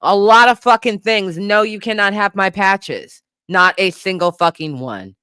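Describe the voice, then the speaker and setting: A woman co-hosting a podcast, ranting in a profane, animated way and laughing often. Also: mid-range voice, a little slow, smooth, no room sound, clean studio sound. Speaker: podcast co-host. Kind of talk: casual comedic commentary.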